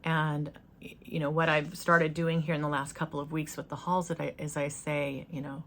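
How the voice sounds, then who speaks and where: A woman's voice: deep voice, little pitch movement, normal speed, a little hiss or hum. A woman hosting her own spiritual channel, telling a personal story in an earnest, hesitant way with many fillers and restarts, speaking from her couch in a yurt.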